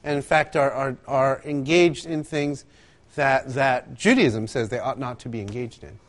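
A man preaching a sermon, telling stories with animated asides and acting out quotes. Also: mid-range voice, a little slow. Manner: animated storytelling, acts out quotes, laughs often. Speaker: pastor.

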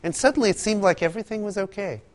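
A man preaching a sermon, telling stories with animated asides and acting out quotes. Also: sits high, racing. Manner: animated storytelling, acts out quotes, laughs often. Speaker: pastor.

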